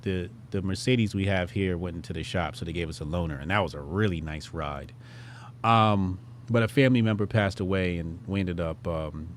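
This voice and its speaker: A man in his thirties hosting his show, telling a casual story with profanity and sudden loud, excited bursts. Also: deep voice, a little hiss or hum. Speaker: show host.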